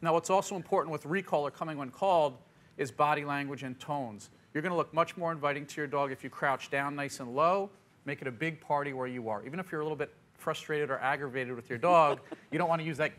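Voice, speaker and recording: A man answering audience questions as a pet expert on a TV talk show, upbeat and quick. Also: on the high side, fairly bright tone, a little hiss or hum. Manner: upbeat, quick, puts on dog voices in quotes. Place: TV studio with audience.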